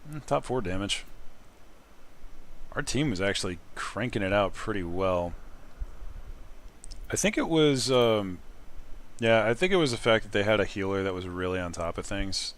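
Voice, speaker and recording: A man streaming a video game, chatting casually and swinging between loud outbursts and quiet muttering. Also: lowish voice, lively intonation, moderate pace, pauses often. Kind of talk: casual gaming stream chat.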